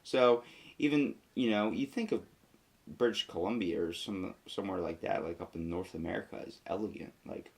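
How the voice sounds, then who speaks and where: Deep-voiced man co-hosting a podcast. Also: normal speed, creaky, slightly rough. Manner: reads facts aloud then riffs jokingly, with fillers. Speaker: podcast co-host. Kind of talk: casual podcast chat.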